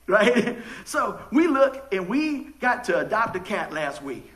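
Taking it slowly but very animated, a high-pitched pastor with a fairly bright tone gives a casual sermon, heard in a low-quality recording. He tells joking, folksy stories and keeps stumbling into stammered restarts.

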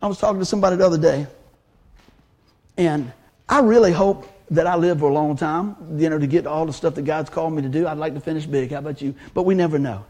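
This man, in his fifties, talks fast with a fairly high pitch while preaching a sermon. He's a lively, laughing storyteller who acts out the voices in his quotes.

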